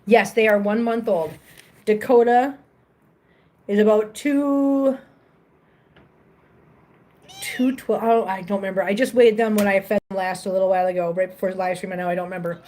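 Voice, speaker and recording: A woman's voice: fairly even intonation, moderate pace, pauses often, mellow. A woman chatting casually on a live stream from her home full of cats, rambling a little, with restarts. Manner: switches to a high cooing baby voice for the cats. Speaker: cat rescuer hosting a live stream.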